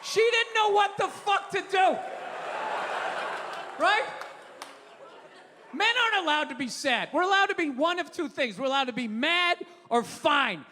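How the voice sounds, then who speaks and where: A man in his fifties works a live stand-up set with a high, bright, sharp voice, swinging from low grumbles into shouted, profane rants. The sound is roomy, with a long theater reverb and a faint crowd behind him. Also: a little slow, long pauses, a little hiss or hum. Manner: animated, profane ranting with sudden shouts. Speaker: stand-up comedian. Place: comedy club stage. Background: audience laughter.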